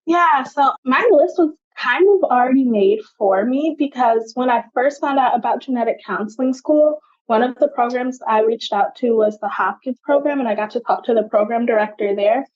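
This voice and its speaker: A woman's voice: a little high, moderate pace, hardly any pauses, dull audio. A young adult woman, a genetic counselor, answering interview questions in a chatty way, often saying "like".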